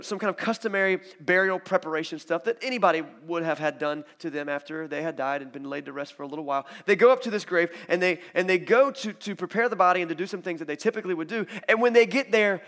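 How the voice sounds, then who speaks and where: Guy preaching, kinda casual and lively, tells the story like he's chatting, voice a bit on the high side. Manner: conversational, animated storytelling with acted quotes. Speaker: pastor. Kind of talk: sermon.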